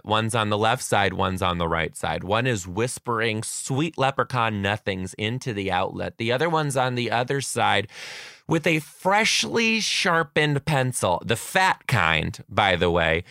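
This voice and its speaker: A young adult man, a teacher, telling comic stories about his class in a sarcastic, animated way, acting out the kids. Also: mid-range voice, no room sound, studio quality. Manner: animated, sarcastic, acts out kids' voices. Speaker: kindergarten teacher. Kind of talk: comedic storytelling.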